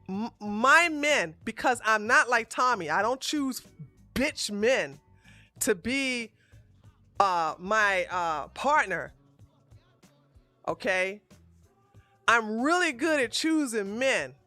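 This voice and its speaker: A woman giving blunt, profane livestream commentary in a casual, animated way, close to the mic. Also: a little high, takes it slowly, pauses often, dry recording, faint music behind. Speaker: commentary streamer.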